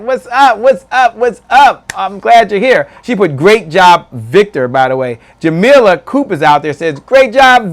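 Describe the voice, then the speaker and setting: A male host of a live online show, talking with hype and energy, repeating phrases and calling people "man" as he reads out viewer comments. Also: sits high. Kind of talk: live-stream interview and shout-outs.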